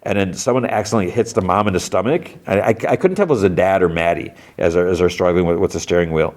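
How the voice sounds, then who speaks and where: A man's voice: sits low, fast talker, a little mellow. A man hosting a podcast, retelling an episode in a rambling, casual way, full of "like" and "you know". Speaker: podcast host.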